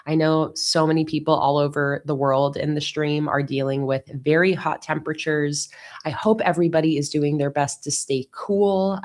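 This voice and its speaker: A woman with a low voice chats casually on a livestream from her desk. She greets viewers one by one in an upbeat, friendly way. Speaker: livestream host.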